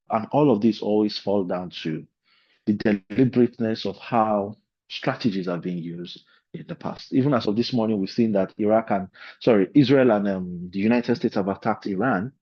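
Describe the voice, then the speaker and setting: A man with a lowish voice delivers a relaxed lecture to a leadership course, straying into loose asides. The lo-fi audio has no echo and sounds slightly dull.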